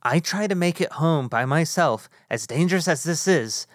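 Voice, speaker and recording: A cautious tabletop player who reasons things through in character. The mid-pitched voice is recorded dry and close. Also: animated, normal speed, no room sound.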